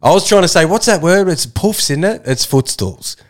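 A man's voice: high voice, lively intonation, moderate pace. An Australian man in his thirties co-hosting a podcast, dry and teasing, reading out topics in casual banter. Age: 30s. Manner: dry, teasing, laughs often, reads out the list. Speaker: podcast co-host.

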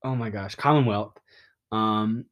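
A young adult man hosting a podcast, recapping a comic in a rambling, excitable and openly emotional way, full of fillers and restarts. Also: fairly low pitch, unhurried. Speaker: podcast host.

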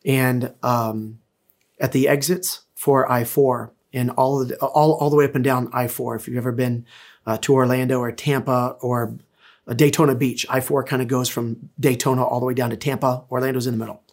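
A man's voice: mid-range voice, flat delivery, moderate pace. A middle-aged man, a pastor, preaching a sermon in an earnest, conversational way, with frequent hesitations. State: tearful, emotional.

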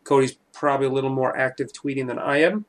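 A man hosting a casual podcast, sarcastic and deadpan with his co-host. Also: medium pitch, fast talker.

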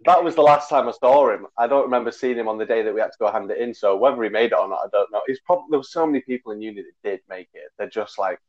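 Low-voiced man telling rambling stories. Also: racing, few pauses. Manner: rambling storyteller, self-correcting. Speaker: podcast co-host. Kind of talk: casual chat. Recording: muffled lo-fi recording.

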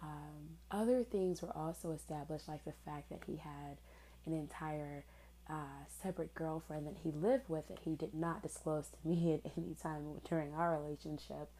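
A woman's voice: deep voice, steady tone, moderate pace, warm tone, husky, low-quality recording. A woman in her twenties telling a personal story in a candid, sarcastic way, swearing casually. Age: 20s.

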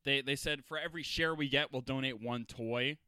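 A man's voice: mid-range voice, fairly quick, sharp tone, clean tone, no room sound. Swearing, ranting podcast guy. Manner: ranting, heavy swearing, frequent "like". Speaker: podcast co-host. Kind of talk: casual chat.

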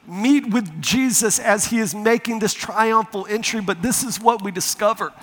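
Animated male preacher in a reverberant hall. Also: sits high, moderate pace. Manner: animated storyteller, acts out quotes. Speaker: pastor. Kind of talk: sermon with personal story.

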